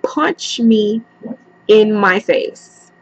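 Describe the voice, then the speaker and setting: A young woman telling a story in a casual, profane and animated way. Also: medium pitch, very slow, highs cut off, slight background noise. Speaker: vlogger.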